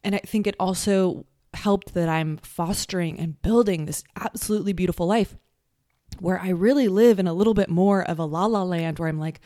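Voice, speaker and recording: A woman talks through a casual solo podcast episode in a slightly low voice. She is blunt and swears freely, and she slips into mocking sing-song impressions. The recording is dry and close, with no room sound. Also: normal speed, a little mellow, no room sound. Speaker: podcast host.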